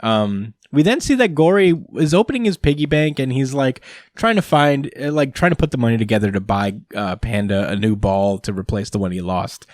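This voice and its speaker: A podcast host with an ordinary, middle-pitched man's voice runs through a comic chapter in an easygoing way. He wanders through his sentences with plenty of fillers and keeps breaking into small laughs. The sound is dry and close, with no room around it. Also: expressive, a little fast, few pauses, a little mellow, no echo. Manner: rambling with frequent fillers and chuckles. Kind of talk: casual manga chapter recap.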